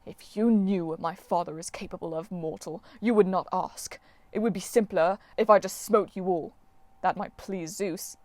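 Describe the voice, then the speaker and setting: A woman's voice: lowish voice, normal speed, darkish tone, dry recording, lightly acted. A woman reading aloud and voicing a vain, melodramatic male sun god who wails and sulks theatrically. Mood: dramatic. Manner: wailing, theatrical, self-pitying. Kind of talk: audiobook character voice.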